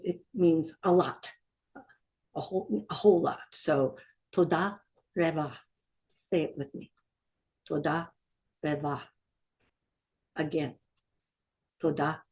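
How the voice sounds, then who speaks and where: A woman teaches a beginner Hebrew lesson in a mellow, fairly low voice. She patiently repeats each word so learners can say it back.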